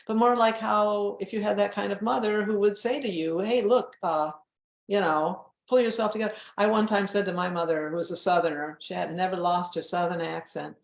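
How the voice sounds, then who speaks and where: A woman's voice: medium pitch, steady tone, brisk, vocal fry, hardly any pauses, reverberant. A woman in her seventies from New England, a guest on an interview show, talking in a candid, self-mocking way and laughing often. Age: 70s. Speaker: guest author. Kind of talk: casual interview chat.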